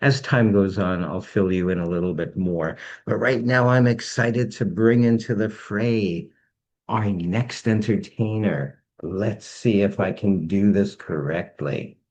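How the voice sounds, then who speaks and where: A man's voice: on the low side, unhurried, darkish tone. A man hosting a magic show, introducing acts with grand rhyming announcements. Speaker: show host. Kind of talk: showman introductions. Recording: dull lo-fi sound.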